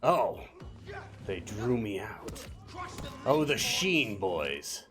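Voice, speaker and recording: A man streaming a game live, animatedly commenting, swearing and yelling lines at the enemies. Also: lowish voice, sing-song, very slow, over music.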